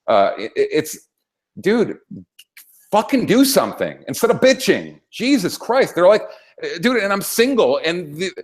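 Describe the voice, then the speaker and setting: A man's voice: sits high, sing-song, measured pace. A man co-hosting a talk show, ranting heatedly about politics with constant swearing and rambling restarts. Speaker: co-host. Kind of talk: profane political rant.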